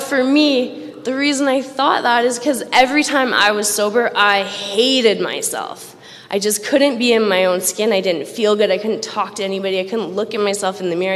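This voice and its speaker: A woman's voice: a little high, fairly bright tone. A woman giving a candid personal recovery testimony at a roundup, self-mocking and laughing between lines, speaking into a stage microphone. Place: large event hall. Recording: long hall reverb.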